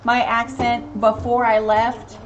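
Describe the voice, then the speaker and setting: A woman's voice: on the high side, little pitch movement, takes it slowly, dull audio, a crowd in the background. A woman in her thirties from Tennessee, a mother chatting casually on a live stream, rambling with many ums and reading viewer comments aloud. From Tennessee, USA.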